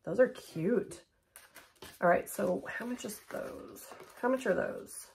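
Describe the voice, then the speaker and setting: Middle-aged woman, casual haul vlogger, gravelly fry. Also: medium pitch, takes it slowly, darkish tone, a little hiss or hum. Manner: chatty, upbeat, drops to a near whisper for close-ups. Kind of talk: casual chat unboxing and try-on.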